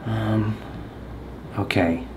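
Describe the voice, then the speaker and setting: A man's voice: fairly low pitch, fairly even intonation, drawn-out words, background noise. Rambling, joking man vlogging at home. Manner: hesitant, many ums, jokey asides. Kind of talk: casual rambling chat. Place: at his house.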